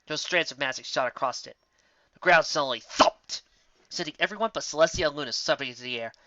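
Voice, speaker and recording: A reader narrating fan fiction aloud in an animated way. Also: mid-range voice, fast, dry recording. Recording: dull lo-fi home recording.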